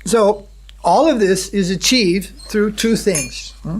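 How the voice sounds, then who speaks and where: High-voiced man giving a devotional lecture. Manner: checks in with the audience with a questioning hum; unhurried, halting, with many fillers and restarts. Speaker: spiritual teacher.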